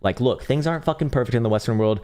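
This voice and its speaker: A man's voice: medium pitch, very fast, darkish tone. A young man hosting a crypto trading livestream, reading chat and reacting in a rambling, profane way, laughing often and hunting for words. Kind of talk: casual livestream chart talk and chat replies.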